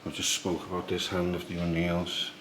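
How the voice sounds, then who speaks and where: Man, very deep monotone voice, hushed tour-guide vlog, echoey room with noise. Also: normal speed. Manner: hushed, low-key explaining. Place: museum in an old priory, indoors.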